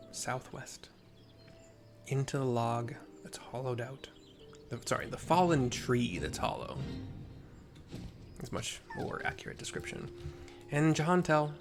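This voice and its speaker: Man narrating a game for blind viewers, chatty, self-correcting, mid-pitched, faint music behind. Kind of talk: casual narrated playthrough.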